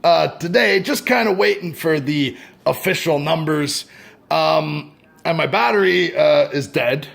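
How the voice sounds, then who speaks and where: This Canadian vlogger has a gravelly, slightly high and slightly slow voice with a bit of brightness. He rambles sarcastically and swears freely in a casual vlog shot on a phone camera.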